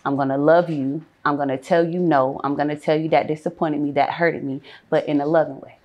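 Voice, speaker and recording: A woman talking in a casual group chat, telling a personal story in a calm, measured way. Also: low-pitched, highs cut off.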